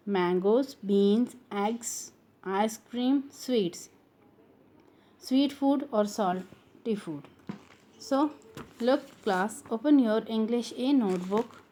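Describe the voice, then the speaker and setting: Slow, deliberate woman teaching phonics. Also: fairly high pitch, warm tone. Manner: slow, repeats sounds and words over and over. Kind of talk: recorded phonics lesson for young pupils.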